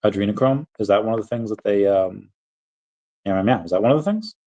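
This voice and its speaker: A man casually answers chat questions on a livestream, speaking briskly in a mellow, somewhat low voice. His talk wanders and he cuts himself off, chuckling frequently, all captured in a muffled recording.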